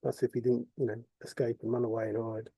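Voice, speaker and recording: A man's voice: mid-range voice, completely flat delivery, fast talker, creaky, warm tone, husky, no echo. A man delivering an impassioned, repetitive monologue full of rhetorical questions. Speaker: vlogger.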